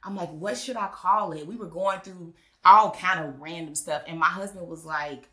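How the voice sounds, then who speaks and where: A woman's voice: lowish voice, moderate pace, hardly any pauses. A woman, a wedding officiant and business owner, telling stories in an interview and acting out the voices she quotes. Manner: animated storyteller, acts out quoted voices. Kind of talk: casual interview storytelling. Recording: echoey room.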